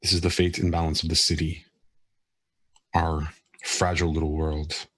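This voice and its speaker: A man's voice: a bass voice, little pitch movement, normal speed, slightly rough, no echo. A man voicing a commanding female vampire club owner in formal, grave speech.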